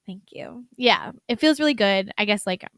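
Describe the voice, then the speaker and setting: A woman hosting a podcast in relaxed, chatty conversation, her speech packed with "like" fillers. Her voice sits at an ordinary middle pitch for a woman. The recording is dry and close, with no room sound. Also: moderate pace, dry recording. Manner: chatty, heavy use of "like" fillers. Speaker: podcast host. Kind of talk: casual chat.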